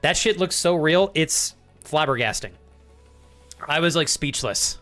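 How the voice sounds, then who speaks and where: A man's voice: fairly high pitch, animated, a little slow, a bit bright, faint music behind. A man with an American accent chatting to his live-stream audience, laughing often and swearing freely.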